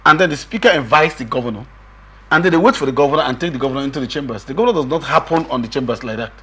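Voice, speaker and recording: A middle-aged man with a husky voice, arguing emphatically as a guest in a political discussion, often repeating himself. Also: mid-range voice, very fast, a bit bright. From Nigeria. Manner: emphatic, repeats himself, quotes others in raised voice.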